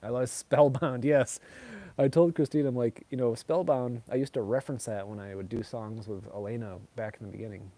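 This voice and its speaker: This middle-aged streamer responds to his chat in a rambling, casual way, leaning on "like" and "you know." His mid-range, warm voice keeps a fairly even intonation and a fairly quick pace.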